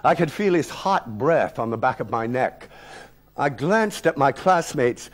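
A man's voice: animated, a little slow. A man in his sixties, an actor and lecturer, telling a story from his childhood in a vivid, wry, theatrical way. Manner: dramatic, vivid, wry delivery with big swings in pitch and loudness.

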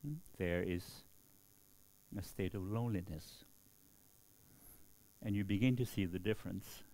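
A middle-aged man, a Buddhist monk, giving a slow dharma talk and often checking in with a questioning "hmm?". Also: sits low, mellow.

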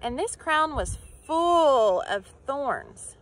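A woman's voice: sits high, big pitch swings, very slow. A woman teaching children in church, telling a Bible story with acted-out voices and questions to the kids.

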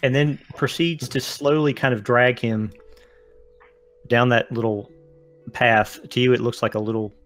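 A man narrating a tabletop game as game master, with dramatic descriptions and filler pauses. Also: mid-range voice, fairly even intonation, a bit bright, faint music behind.

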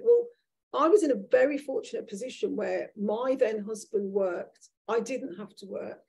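A woman speaking to an audience at a live event, telling a story from her life in a candid, self-deprecating way. Her voice is mellow and dark, with a gravelly, husky edge. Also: fairly high pitch, moderate pace, low-quality recording. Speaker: author guest at a live talk. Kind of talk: anecdotal storytelling in a live conversation.

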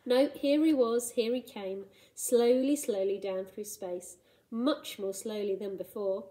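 A woman teacher reading a storybook aloud to children in a gentle, expressive way, with asides about the pictures. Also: mid-range voice, slow, rough recording.

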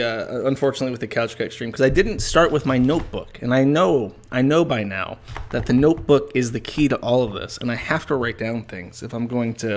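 A man's voice: mid-range voice, slight background noise. A man hosting a live stream, giving rambling, profane, amused commentary on a clip. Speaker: streamer and host.

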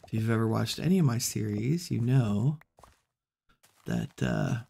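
A woman hosting a relaxed let's-play, musing aloud and chatting to the animals she meets in the game. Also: extremely low pitch, a little slow, vocal fry, a little hiss or hum. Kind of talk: relaxed gameplay commentary.

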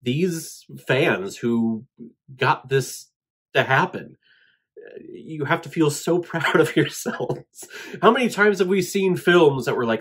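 A man hosting a casual movie reaction, talking in an excitable, gushing, emotional way. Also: fairly high pitch, slow, slightly rough. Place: home room with shelf behind.

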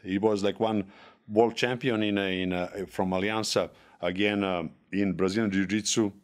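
Man speaking halting. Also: lowish voice, steady tone. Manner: halting, many fillers and restarts, non-native grammar. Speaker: guest, former legionnaire. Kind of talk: casual podcast chat.

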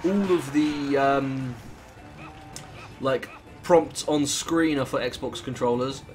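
A British gaming channel host rambles casually through let's play commentary, full of fillers and the occasional swear. His voice is medium-pitched and slow, with faint music behind.

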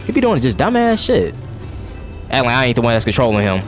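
Talking fast, this man's mid-range voice swoops wildly in pitch while faint music runs underneath. He's a gaming streamer giving exasperated, profanity-laced live commentary on the video game he's playing.

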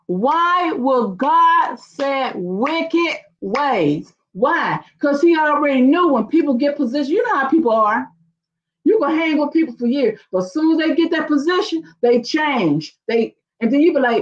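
A woman's voice: sits high, expressive, measured pace, highs cut off. A woman preacher giving a sermon, breaking in with cries of hallelujah. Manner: exclamations of hallelujah, rising and falling emphasis.

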